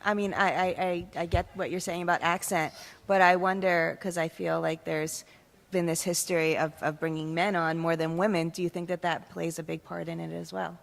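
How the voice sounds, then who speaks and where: A woman with a low, gravelly voice asks a question tentatively, stumbling over her first words before she finds the question. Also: little pitch movement, normal speed.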